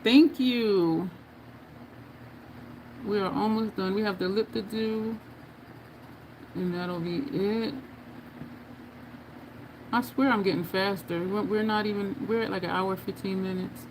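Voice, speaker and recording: A woman's voice: medium pitch, steady tone, slow pace, long pauses, background noise. A woman hosting a casual makeup livestream, chatting, laughing often and reading viewer comments aloud. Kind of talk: casual livestream chat while doing makeup.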